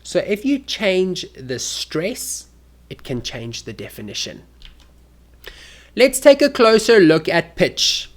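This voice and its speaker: A man's voice: high-pitched, wildly swooping pitch, takes it slowly. A man teaching an English lesson, demonstrating intonation with exaggerated examples.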